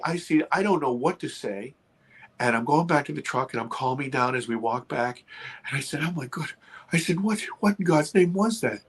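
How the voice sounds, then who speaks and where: Guest man, animated storyteller, voice jumps high when he acts out panic, slightly husky tone. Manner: animated, re-enacts his panic with high excited quotes. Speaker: guest filmmaker. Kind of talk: live podcast interview storytelling.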